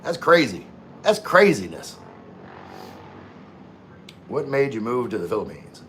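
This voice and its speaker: Very animated yet a little slow, the host's medium-pitched voice sounds a bit bright against slight background noise. He reads viewers' comments out on his casual stream and responds in an easygoing way, restarting and repeating words often.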